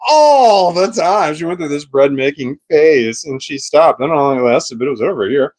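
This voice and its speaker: A middle-aged vlogger with a mid-range voice talks a little fast at home into a phone camera fitted with a small external mic. He rambles, curses and loses his train of thought in this casual vlog, and the recording quality is low.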